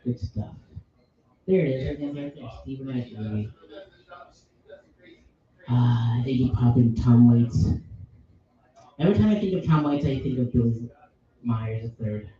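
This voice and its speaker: A man's voice: mid-range voice, unhurried, long pauses. A man hosting a casual pub podcast, chatting enthusiastically and rambling about movies with a ready laugh. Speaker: podcast host. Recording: echoey room, distant mic, dull sound.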